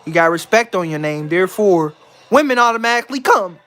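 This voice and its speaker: This young vlogger's high, slightly bright voice is animated and fairly quick. He rants casually to the camera, going round in circles, repeating himself, cursing, and acting overconfident.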